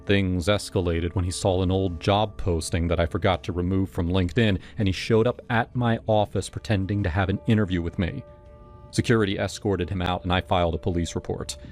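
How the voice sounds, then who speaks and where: Low-voiced man narrating a story. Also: brisk. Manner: steady, first-person storytelling. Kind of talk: scripted horror story narration. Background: music.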